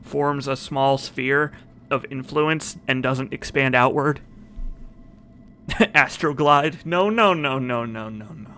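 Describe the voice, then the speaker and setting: A man's voice: medium pitch, fairly bright tone, a little hiss or hum. A man streaming a video game, chatting casually and reading in-game notes aloud. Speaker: let's play streamer. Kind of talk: casual gameplay commentary.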